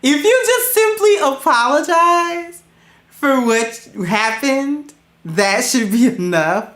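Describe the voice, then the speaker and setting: A woman with gives casual advice. She talks in a high, unhurried voice, laughs often and acts out little scenes. The room around her sounds echoey. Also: expressive, a bit bright. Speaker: podcast host.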